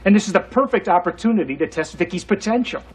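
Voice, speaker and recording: A man's voice: high voice, quick pace, slightly rough. An actor playing a playful, flirty middle-aged father and robot inventor in a studio sitcom. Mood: cheerful. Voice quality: lively, teasing delivery. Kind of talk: 1980s studio sitcom acting.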